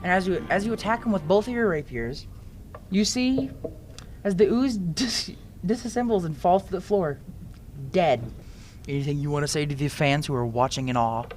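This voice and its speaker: A man narrating as game master of a tabletop game, lively and correcting himself as he goes. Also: high voice, normal speed, slight background noise. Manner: lively, with restarts. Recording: music under the voice.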